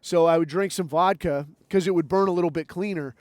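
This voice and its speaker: A man's voice: a little high, a little fast, darkish tone, no room sound. A man in his thirties hosting a podcast, telling crude stories in a profane, rambling rant. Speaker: podcast host.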